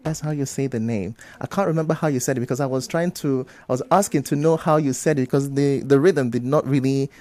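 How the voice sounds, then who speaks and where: A man in a radio studio, briskly correcting student debaters' pronunciation word by word and explaining each fix. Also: medium pitch, a little mellow. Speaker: pronunciation coach on a radio show.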